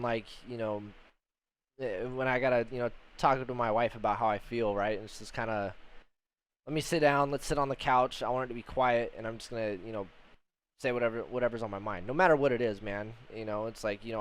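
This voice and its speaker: Young male host, smooth clear voice, blunt and profane, lots of "you know". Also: mid-range voice. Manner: blunt, heavy swearing, many fillers. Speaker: podcast host, Marine veteran. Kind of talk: casual livestream chat.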